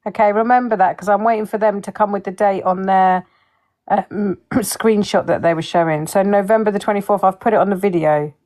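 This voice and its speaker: A woman's voice: mid-range voice, fairly even intonation, brisk, darkish tone, rough recording. A woman with a southern English accent hosting a commentary video, speaking precisely and in a clipped, defensive tone. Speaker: commentary host.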